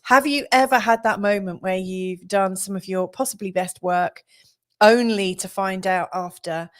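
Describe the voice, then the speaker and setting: A woman's voice: mid-range voice, measured pace. A woman astrologer hosting a live stream, chatting casually with many fillers and frequent laughs. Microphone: studio mic.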